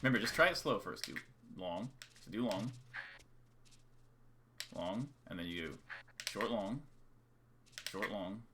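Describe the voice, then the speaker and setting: A man's voice: lowish voice, expressive, unhurried, long pauses, noisy background. Casual male coach over clicking keys. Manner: casual, repetitive counting out rhythms. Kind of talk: live-streamed game lesson. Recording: keyboard clicks and typing behind. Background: keyboard clicks and typing.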